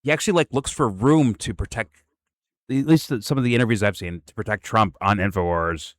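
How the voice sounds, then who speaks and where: Low, laid-back male stream host. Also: fairly quick, dry recording, studio quality. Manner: laid-back, laughs often. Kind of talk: casual reaction chat.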